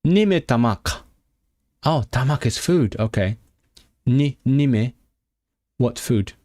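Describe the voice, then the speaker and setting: A man's voice: medium pitch, animated, slow, a little mellow, dry recording, clean studio sound. A young man live-streaming his language study, chatting with viewers and sounding out foreign words with frequent restarts. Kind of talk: casual live-stream chat.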